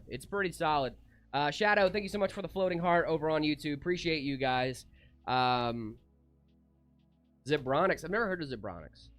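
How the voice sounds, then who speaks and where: A man co-hosting a casual livestream, reading chat aloud and answering in a relaxed, easygoing way. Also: on the high side, clean tone, no room sound. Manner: laid-back, reads chat aloud, calls people dude. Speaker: livestream co-host.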